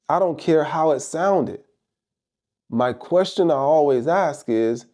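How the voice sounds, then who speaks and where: A man's voice: mid-range voice, warm tone. Emphatic man giving a motivational talk. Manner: emphatic, rhetorical, repeats phrases for effect. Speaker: motivational speaker. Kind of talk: motivational monologue.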